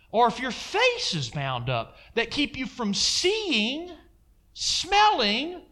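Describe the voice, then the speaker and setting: A man's voice: very high-pitched, sharp tone. A man preaching a sermon in an emphatic way, throwing asides like "amen?" to his congregation.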